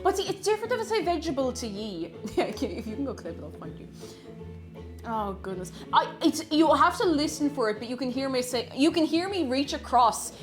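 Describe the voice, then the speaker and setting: A young Irish woman streams from home, chatting casually and reading out viewer comments, giggling often and drifting into rambling asides. Her voice is high with big pitch swings, and she talks a little fast over faint background music.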